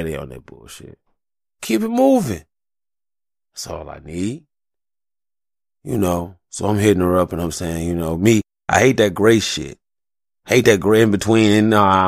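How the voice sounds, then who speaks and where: A man's voice: deep voice, no echo. A man in a casual, heated solo rant on a studio mic, profane and rambling, fired up and agitated. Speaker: solo commentator. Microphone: studio mic with a pop filter.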